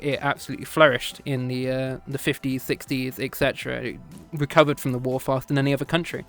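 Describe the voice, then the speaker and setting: A man's voice: medium pitch, fairly even intonation, a little fast, few pauses, a bit bright, faint music behind. A British man streaming a casual history lesson, rambling, digressing and correcting himself with small laughs. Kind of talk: casual off-the-cuff history lecture. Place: home streaming setup, VR chat session.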